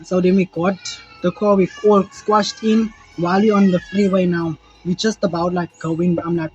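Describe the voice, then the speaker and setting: A young South African man telling a rambling, animated story to camera, swearing freely and acting out moments as he goes. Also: sits high, moderate pace. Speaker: vlogger. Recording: dull lo-fi sound with faint music.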